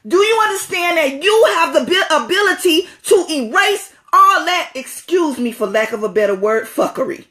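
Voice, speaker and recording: A woman's voice: sits high, lively intonation, normal speed, hardly any pauses, fairly bright tone. A woman giving an impassioned spiritual talk, emphatic and preachy, repeating phrases for stress.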